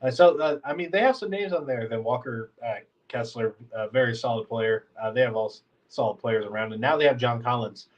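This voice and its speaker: A man's voice: mid-range voice, fairly quick, few pauses. A congested man hosts a casual sports podcast, rambling through filler words like a frustrated fan. He sits back from the mic, so the voice comes across distant. The recording is dull and lo-fi. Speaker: podcast host.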